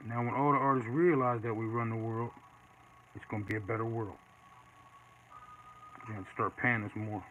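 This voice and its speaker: A man casually chatting while he draws live, reading and answering viewer comments in a relaxed way. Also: on the low side, normal speed, pauses often. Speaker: artist streaming live. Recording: dull lo-fi with faint noise.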